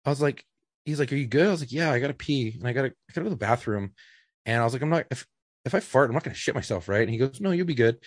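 A man's voice: mid-range voice, animated, very fast, no echo, studio quality. A man co-hosting a podcast, telling a profane story in casual chat and acting out his own quotes. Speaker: podcast co-host.

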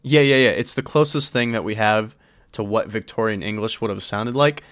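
Podcast co-host, male, lower voice, swears freely, dry close sound. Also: moderate pace, no room sound. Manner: swearing, laughing, animated. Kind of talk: casual chat.

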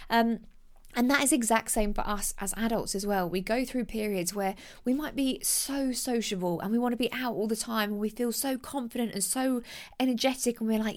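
Chatty woman giving self-help tips. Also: mid-range voice. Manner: chatty and animated, acts out quoted voices, laughs at herself. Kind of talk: casual motivational talk.

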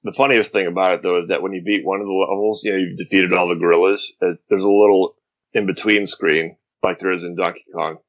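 A man co-hosting a casual gaming chat, relaxed and hesitant, with many fillers. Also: low voice, fast talker, no echo, highs cut off.

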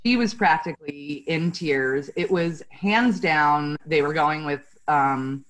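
A woman's voice: sits low, slow pace, low-quality recording. A woman real estate agent telling a heartfelt story in a chatty way, full of fillers. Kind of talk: casual storytelling.

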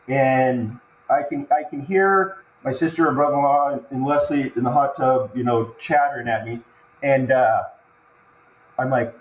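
A man, a podcast guest, telling an emotional personal story in halting speech, stumbling and repeating words when he gets moved. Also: mid-range voice, steady tone, slight background noise. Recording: echoey room with faint ambience.

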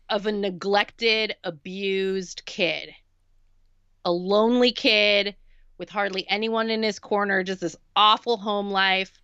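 Woman on a movie podcast, bright clear voice, kinda muffled audio. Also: mid-range voice, dry recording. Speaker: podcast co-host. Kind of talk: casual film discussion.

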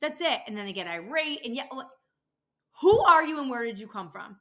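Young woman venting on a podcast, swears a lot, bright voice. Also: fairly high pitch, very animated, a little fast. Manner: ranting, swears freely, gets worked up. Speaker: podcast host, dental office worker. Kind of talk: casual monologue podcast.

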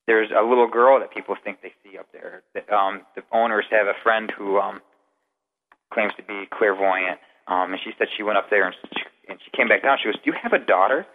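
Low-voiced man on a tinny phone line. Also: long reverb tail. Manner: rambling, detailed anecdotes. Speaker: paranormal investigator guest. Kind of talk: casual storytelling interview.

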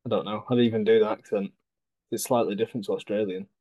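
A young man trades dry, teasing banter on a podcast. His voice is dark and mellow, recorded close and dry. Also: on the low side, fairly even intonation, very fast, dry recording. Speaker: podcast co-host. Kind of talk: casual podcast chat.

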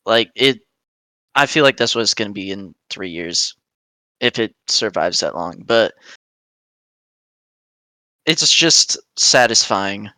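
A man's voice: lowish voice, animated, slow pace, pauses often, pushed and bright, no room sound, studio quality. A man co-hosting a podcast, chatting enthusiastically and rambling about a mobile game. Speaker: podcast co-host.

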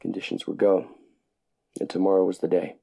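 An actor playing a grave male documentary narrator, reading in a measured, solemn way. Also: sits low, completely flat delivery, creaky, warm tone. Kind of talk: scripted narration.

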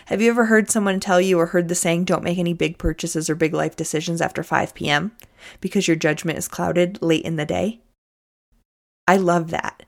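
A woman giving frank relationship advice, speaking straight to the viewer in a coaching manner. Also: fairly low pitch. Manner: frank, coaching, addresses listener as "you". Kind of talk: direct-to-viewer advice talk.

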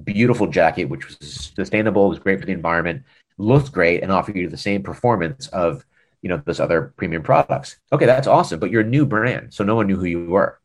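A man's voice: deep voice, brisk. An American man, a former e-commerce director, telling a business story in a casual interview and acting out the dialogue as he goes. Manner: animated storyteller, acts out quoted dialogue.

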